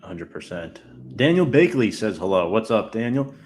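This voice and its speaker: Brief: fairly low male host, easygoing, answers the chat. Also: moderate pace, slight background noise. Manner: relaxed, reads out chat comments and replies. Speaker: podcast host. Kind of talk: casual podcast chat.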